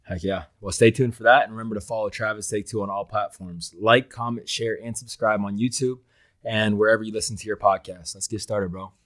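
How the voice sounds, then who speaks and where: A man's voice: on the low side, fairly even intonation, brisk, a bit bright, dry recording, studio quality. A young man co-hosting a podcast, telling a story in an earnest, emotional way, full of fillers and "bro". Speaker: podcast co-host. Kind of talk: casual podcast chat.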